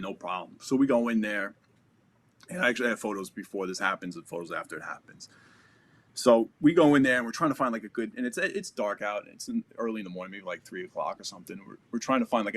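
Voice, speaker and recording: American man, thirties, lowish voice, animated podcast storyteller. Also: slight background noise. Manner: animated storytelling with sound effects. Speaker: podcast guest. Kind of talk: casual war story.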